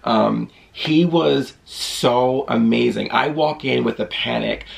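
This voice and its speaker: A man telling a lively storytime in a casual vlog, acting out quotes as he goes. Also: medium pitch, slow, creaky. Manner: chatty, animated storytelling with acted-out quotes. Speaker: vlogger.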